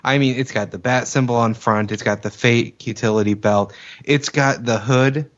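A man's voice: medium pitch, steady tone, normal speed, lo-fi sound. A man co-hosting a podcast, telling stories about himself with self-mocking humor. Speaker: podcast co-host. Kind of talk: casual chat.

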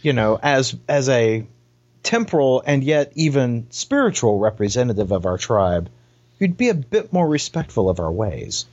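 A man voicing a stern, dignified old tribal elder grandfather who speaks in a formal, measured way. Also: mid-range voice, big pitch swings, a little mellow. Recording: dull lo-fi.

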